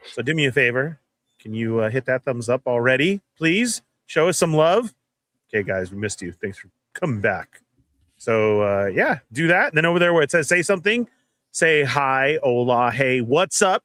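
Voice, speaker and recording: Man, podcast co-host, upbeat and teasing, mid pitch, dry close sound. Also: fairly bright tone, dry recording. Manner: upbeat, teasing, hypes the chat. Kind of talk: casual chat.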